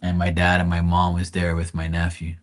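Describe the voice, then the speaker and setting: A man's voice: low-pitched, completely flat delivery, brisk. A man grieving, talking casually and profanely in a rambling livestream, often restarting his sentences. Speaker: tarot reader streamer.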